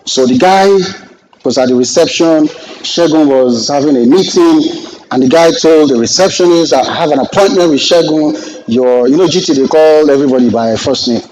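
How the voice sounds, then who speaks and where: A middle-aged Nigerian man teaching a real estate class, lively and joking, acting out exchanges with clients as he goes. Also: medium pitch, normal speed, slight background noise, poor audio. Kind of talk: classroom lecture with anecdotes.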